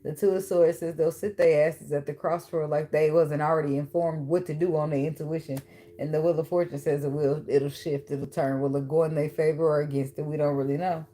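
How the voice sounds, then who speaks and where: Low-voiced, blunt and profane woman tarot reader. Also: fairly even intonation, a little fast, warm tone. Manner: blunt, profane and teasing, with frequent laughs. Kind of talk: casual tarot reading.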